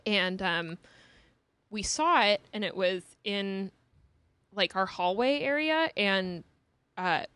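A woman's voice: medium pitch, expressive, takes it slowly, long pauses, a bit bright, clean tone, no room sound. Chatty young woman, dry close sound. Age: 20s. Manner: hesitant storytelling with many fillers. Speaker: guest. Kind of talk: casual podcast chat.

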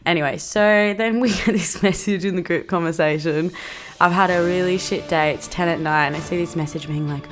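A young woman in her twenties, hosting a podcast and telling a story in a brash, sweary, animated way. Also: on the low side, brisk, over music. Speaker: podcast host. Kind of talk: casual storytelling monologue.

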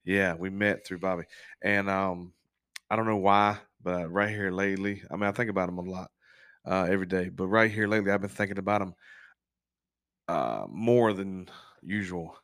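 A man hosting a casual podcast, telling a personal story in a halting, candid way with frequent swearing. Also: deep voice, fairly even intonation, a bit bright, no room sound, clean studio sound. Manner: works as an on-call technician, speaks plainly about long shifts. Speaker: podcast host.

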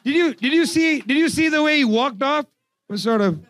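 High-voiced man giving a fiery speech. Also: animated, normal speed, a bit bright. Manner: sarcastic, emphatic, repeats phrases. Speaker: public speaker. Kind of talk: impassioned political speech.

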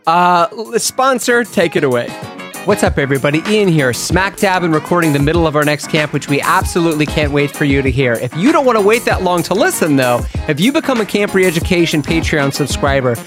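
Tipsy, joking man with a high voice. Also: lively intonation, fairly quick, music in the background. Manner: playful, joking, tipsy from champagne. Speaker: podcast co-host. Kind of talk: casual comedic chat.

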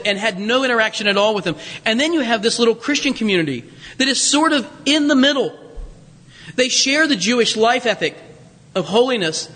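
A man preaching a sermon, telling stories with humor and asides in an animated way. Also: very high-pitched, big-room sound. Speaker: pastor.

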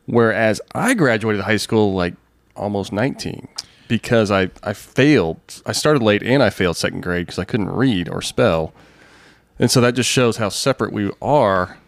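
Lowish-voiced guy on a podcast, frank and laid back, pokes fun at himself, dry close mic. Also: lively intonation, moderate pace, gravelly, no room sound. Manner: frank, easygoing, jokes about himself. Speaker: podcast co-host. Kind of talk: casual chat.

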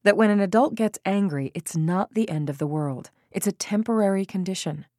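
A woman's voice: mid-range voice, fairly quick, a little mellow, no echo, studio quality. A woman narrating a parenting audiobook, reading expressively and acting out quoted lines.

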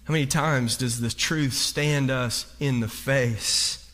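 A man's voice: medium pitch, slow. A middle-aged man preaching a sermon, telling a story and acting out what people said. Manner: animated storytelling, acts out quotes with voice shifts. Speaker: pastor.

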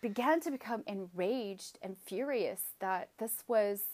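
A woman's voice: mid-range voice, measured pace, darkish tone. A woman telling a personal story with emphatic, vivid retelling, acting out her own outbursts.

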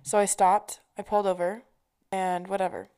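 Casting note: young woman vlogger, mellow voice with vocal fry, chatty and loose, swears a lot. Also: medium pitch, little pitch movement, normal speed. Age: young adult. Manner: chatty storyteller, swears freely, many fillers. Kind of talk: casual chat.

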